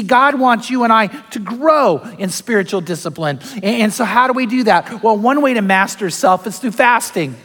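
A man's voice: high voice, fairly bright tone, long reverb tail. A man pastor giving a conversational sermon in a church, acting out quotes and tossing in asides. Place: church sanctuary.

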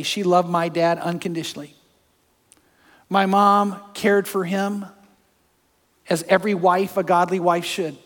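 A pastor preaching a sermon, telling personal stories that move from hushed to fervent. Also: male voice, high voice, in a large hall.

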